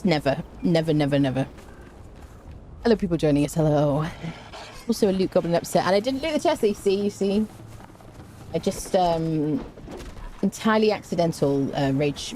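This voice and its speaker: A woman's voice: deep voice, dark tone, a little hiss or hum. A woman streaming a game, chatting playfully with her viewers and humming little tunes as she plays. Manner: chatty, playful, hums and scats while playing; talks to chat, greets viewers. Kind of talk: casual gameplay commentary.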